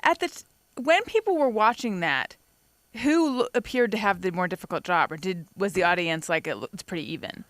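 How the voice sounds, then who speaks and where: Male co-host, curious questioning delivery, lively pitch, dry studio sound. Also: a little fast, dry recording. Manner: chatty, asks curious questions. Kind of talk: casual comedy podcast chat.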